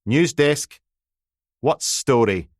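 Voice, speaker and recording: A man's voice: medium pitch, expressive, extremely slow, no echo, studio quality, pitched above the performer's own voice. A man voicing a smug newspaper reporter who teases and needles in a sarcastic manner. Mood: smug, teasing.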